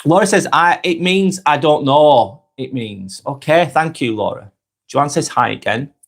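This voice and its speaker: A man with a Lancashire accent, hosting a calm live stream, reading viewers' comments aloud and chatting back in an unhurried way with lots of ums and restarts. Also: on the high side, gravelly. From North West England. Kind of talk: casual live-stream chat.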